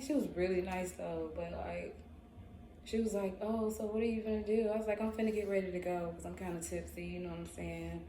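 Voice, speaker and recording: A young adult woman telling a story casually in a vlog, animated and slangy. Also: mid-range voice, slight background noise. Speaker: vlogger. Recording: roomy echo, faint ambience.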